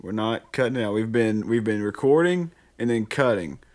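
A man's voice: fairly low pitch, lively intonation, normal speed, a little mellow. A man co-hosting a casual podcast. He jokes around, stumbling over fillers and breaking into laughs. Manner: jokey, lots of fillers and laughing. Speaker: podcast co-host. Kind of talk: casual chat.

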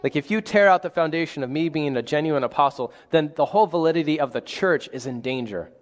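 Casual preacher in a reverberant hall. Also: male voice, a little high, fast. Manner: casual, conversational preaching with many "like"s and restarts. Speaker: pastor. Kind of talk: sermon.

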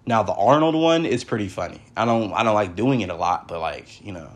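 A man's voice: fairly low pitch, animated, a little fast. A young man hosting a casual solo podcast, rambling in loose slang and laughing often. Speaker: podcast host.

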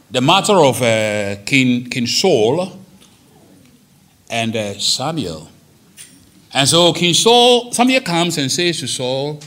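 A man preaching a sermon as a pastor, lively and digressive, with dramatic quoted lines. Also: mid-range voice. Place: church hall.

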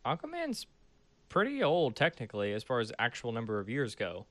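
A man's voice: medium pitch, huge pitch swings, a little fast, fairly bright tone, no room sound. A man co-hosting a podcast in casual chat, easygoing and joking. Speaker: podcast co-host.

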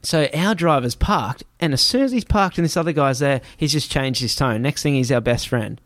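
A man telling a travel story in casual chat, animated and swearing, acting out other people's voices. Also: medium pitch, moderate pace, no room sound.

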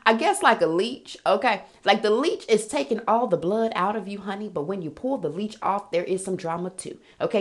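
Sassy, candid woman podcast host. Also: mid-range voice. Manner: candid, animated, sassy, addresses listeners as girl and honey. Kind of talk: casual motivational monologue.

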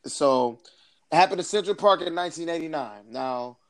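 A man's voice: fairly high pitch, expressive, moderate pace. A man in his thirties hosting a podcast in casual chat, rambling and hesitant, with lots of fillers. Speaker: podcast host.

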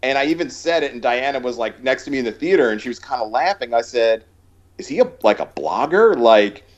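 A man's voice: mid-range voice, lively intonation, a little fast. A man chatting casually about a movie, rambling with lots of fillers and restarts. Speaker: podcast co-host. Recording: dull lo-fi sound.

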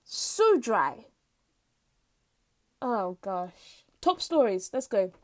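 A woman's voice: mid-range voice, big pitch swings, extremely slow. A teenage girl hosts her own podcast from home, rambling off the cuff in a playfully dramatic way and sounding tired. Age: teens. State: tired, lightheaded. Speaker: podcast host. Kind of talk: unscripted casual monologue. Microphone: home mic.

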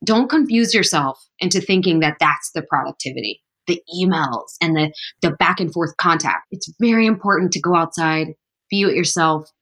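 This podcast guest, a woman in her thirties, has a lowish, slightly bright voice. She keeps things chatty and upbeat in a casual interview, sprinkling in plenty of "like" and "you know."

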